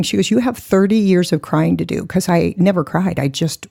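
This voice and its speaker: A woman's voice: fairly low pitch, moderate pace, creaky, mellow, slightly rough. A woman in her forties, a podcast guest, telling her story bluntly and candidly, mocking herself and laughing often.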